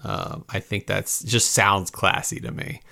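A man's voice: on the low side, measured pace, creaky, bright, forceful tone. A man co-hosting a podcast in casual chat, easygoing and hesitant, with many ums. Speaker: podcast co-host.

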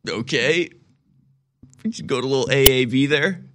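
A male host delivering political commentary with heavy sarcasm, rambling through asides and jokes. His voice sits at an ordinary mid pitch for a man, neither high nor low. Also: expressive, moderate pace, background noise.

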